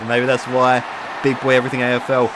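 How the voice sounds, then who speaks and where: A man's voice: mid-range voice, completely flat delivery, quick pace, crowd noise, background noise. A man streaming live, giving chatty play-by-play commentary on a football video game and reading out viewer comments.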